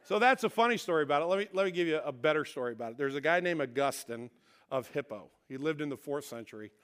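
A man preaching as lead pastor, telling a story and then closing softly in prayer. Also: on the high side, quick pace, smooth. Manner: storytelling, animated in anecdotes, soft in prayer.

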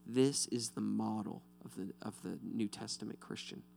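A man's voice: lowish voice, moderate pace, creaky, a little mellow, slight background noise. A man pastor giving a casual, conversational sermon, talking straight to his listeners and often checking in with "right?". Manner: talks directly to listeners, often asking "right?".

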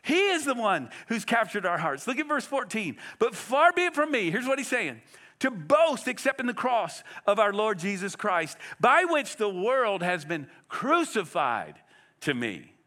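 A man preaching a Sunday sermon in a high, bright voice. His pitch swings widely as he presses the congregation with direct, emphatic questions. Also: sing-song, unhurried. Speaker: pastor.

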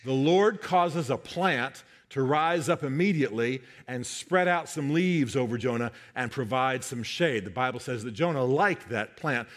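A man's voice: mid-range voice, a little slow, hardly any pauses. A man preaching a sermon, emphatic, often repeating key phrases for effect. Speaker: pastor.

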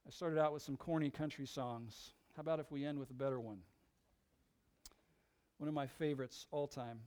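A man preaching a sermon, telling a story dramatically, dropping to a hush and then rising loud. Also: mid-range voice, steady tone, normal speed.

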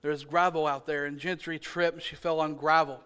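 A pastor, preaching a sermon in a church and telling a family story with humorous asides. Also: male voice, on the high side, little pitch movement, moderate pace, sharp tone, clear, resonant tone. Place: church sanctuary.

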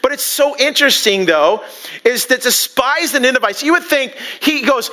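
Male pastor, high voice, bright tone, casual preaching style, voices quick asides. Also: lively intonation. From United States. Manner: conversational preaching with restarts and acted-out asides. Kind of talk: sermon.

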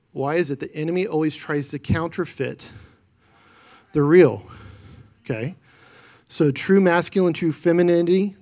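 Man preaching a conversational sermon. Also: fairly high pitch. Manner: conversational preaching with a testimony, rising to emphatic peaks; frequent restarts and quoted dialogue. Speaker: pastor.

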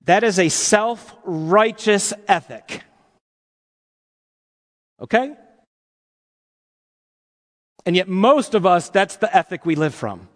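High-voiced preacher in a reverberant hall. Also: male voice, measured pace. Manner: animated, playful, rhetorical questions to the congregation. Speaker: pastor. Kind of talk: sermon.

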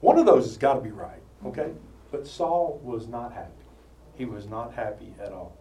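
A man preaching, telling the story with animated asides and jokes. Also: mid-range voice, moderate pace. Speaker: preacher teaching a Bible study. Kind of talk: sermon. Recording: roomy sound from far off with faint ambience.

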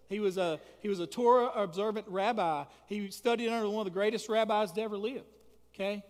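A man preaching a sermon and leading prayer as pastor, emphatic and repetitive, building to loud peaks. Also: sits high, fairly quick, long reverb tail. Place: church sanctuary.

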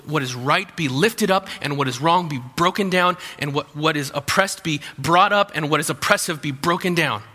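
A pastor preaches a sermon in a slightly high voice with a sharp, very bright tone, and a large hall gives it a long reverb. His delivery is conversational, with restarted phrases and humorous asides slipped in.

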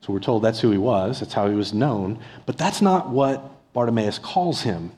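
A middle-aged pastor preaching a conversational sermon, asking his listeners rhetorical questions and acting out a beggar's yelling in places. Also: fairly low pitch, expressive, moderate pace. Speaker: discipleship pastor. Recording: long hall reverb.

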